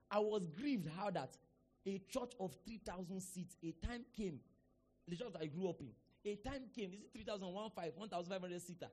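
A middle-aged man with a Nigerian accent, preaching a sermon with sudden shouted bursts and call-and-response with the congregation. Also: high voice. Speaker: pastor.

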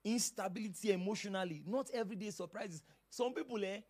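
A man's voice: sits high, quick pace, a little mellow. A male pastor preaching a sermon in an emphatic, dramatic manner, with sudden outbursts.

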